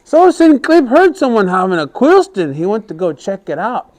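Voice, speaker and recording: A man telling a story to a class of young children, animated and often asking them questions. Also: high-pitched, moderate pace.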